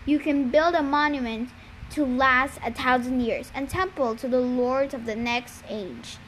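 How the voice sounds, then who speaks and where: A man's voice: extremely high pitch, steady tone, a little slow, a bit bright, slight background noise, low-quality recording. A woman voicing a scheming young male villain who speaks in a coaxing, persuasive way.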